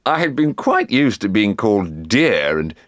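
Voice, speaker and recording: A man's voice: on the low side, sing-song, measured pace, no echo, clean studio sound. A man on a panel telling an amused anecdote, chatty, with hesitant fillers. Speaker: panel member.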